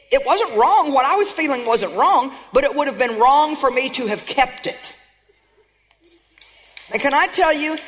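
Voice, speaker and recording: A woman's voice: high-pitched, a bit bright. A woman preaches with emphatic, rallying delivery, calling out to her congregation. Her voice rings through a large hall with a long reverb trail. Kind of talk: sermon.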